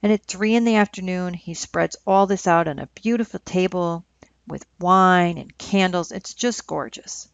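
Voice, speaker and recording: A woman's voice: fairly low pitch, moderate pace, vocal fry, clear, resonant tone, dry recording. A woman telling a story in a casual, conversational way, with fillers. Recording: dull lo-fi recording.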